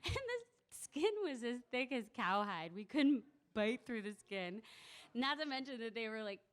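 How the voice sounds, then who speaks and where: A young woman with a slightly high voice tells a personal story on stage at a community event. She talks easily and warmly, breaking into laughter and acting out the voices she quotes. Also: sing-song, a little slow.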